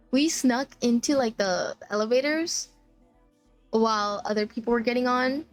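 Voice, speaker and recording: A woman streamer chatting casually about a sad trip story, tearful, laughing through tears and full of "like" fillers. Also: on the high side. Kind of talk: casual chat.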